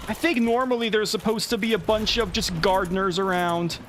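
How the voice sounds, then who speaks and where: A man's voice: high voice, fairly even intonation, fairly quick, hardly any pauses, fairly bright tone, a little hiss or hum. A man giving casual let's play commentary, thinking aloud and cursing when the game goes badly.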